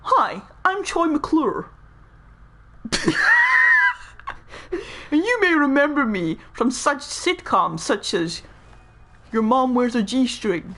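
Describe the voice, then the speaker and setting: A woman's voice: high-pitched, very animated, takes it slowly, pauses often, a bit bright, shouting, a little hiss or hum, pitched above the performer's own voice, heavily acted. Woman doing an impression of a smarmy cartoon actor. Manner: showbiz, announcer-like self-introduction.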